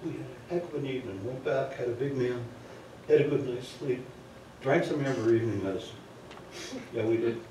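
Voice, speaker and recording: A man's voice: mid-range voice, a little fast, long pauses, background noise. A man telling a story live on a theater stage, chatting with the audience through asides. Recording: echoey theater from far off.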